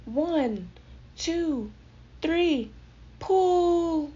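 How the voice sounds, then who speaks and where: A woman voicing a small, excitable male circus mouse in a storybook read-aloud, with an eager, loud manner. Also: fairly high pitch, measured pace, a little hiss or hum, voice pushed up. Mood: shouting. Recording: slightly dull lo-fi audio.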